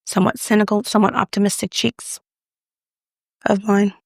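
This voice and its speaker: A woman's voice: mid-range voice, flat delivery, normal speed, creaky, no room sound, studio quality. A young woman casually reviewing makeup, chatty and self-deprecating as she applies it on camera. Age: young adult. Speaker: beauty YouTuber.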